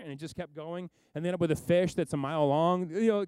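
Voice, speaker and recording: A man delivers a sermon in a smooth, resonant voice that sits a little high for a man. He rambles through the story, jumping into the people's voices and back out again. The sound is close and dry. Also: fast, hardly any pauses, dry recording. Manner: animated storytelling, acts out characters, rambling asides. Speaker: pastor.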